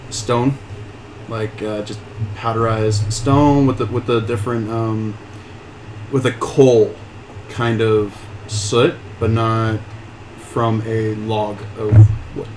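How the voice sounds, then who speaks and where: A man narrating as game master of a tabletop game, describing scenes in a halting way with many fillers and restarts. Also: fairly low pitch, darkish tone, slight background noise, low-quality recording.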